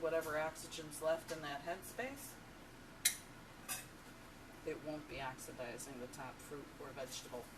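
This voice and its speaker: A middle-aged woman chattily teaching home canning while she works in her kitchen, heard through a camera mic set away from her. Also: low-pitched. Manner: chatty, talks while working, playful. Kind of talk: casual how-to demonstration. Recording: distant noisy home recording.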